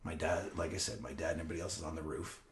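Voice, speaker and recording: A man's voice: a bass voice, rapid-fire, echoey room, a little hiss or hum. A man in his fifties, a former teacher and coach, telling a story on a podcast with laughter and acted-out scenes. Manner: animated, laughing, acts out scenes. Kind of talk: casual storytelling.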